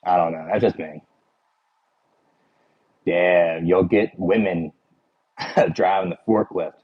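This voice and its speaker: Husky Philly-accented man chatting on stream. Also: low-pitched, steady tone, slow, muffled recording. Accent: Philadelphia. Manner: rambling, full of "like" and "you know". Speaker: livestreamer. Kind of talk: casual chat with viewers.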